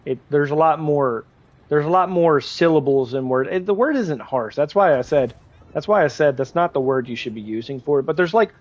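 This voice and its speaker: This gamer talks a little fast in a higher voice with lively intonation. He streams while chatting casually, rambling, saying "like" constantly and restarting his sentences often.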